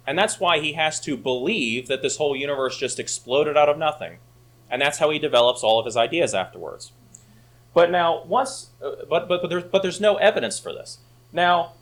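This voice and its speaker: A man leads a Sunday school class in a church, lecturing with emphatic conviction. His pitch moves through a wide, animated range, climbing high when he presses a point. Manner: emphatic, rising to argue points.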